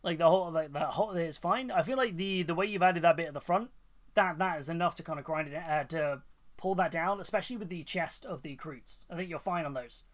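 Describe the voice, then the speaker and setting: A male streamer with a slightly high pitch keeps up upbeat, fairly quick chatter. He reacts enthusiastically to viewers' miniatures, rambling with many fillers and restarts.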